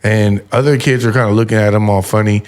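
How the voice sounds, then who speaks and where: A man's voice: on the low side, fairly even intonation, quick pace. A man hosting a podcast, telling a personal story in an earnest, heartfelt way. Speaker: podcast host. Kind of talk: casual podcast conversation.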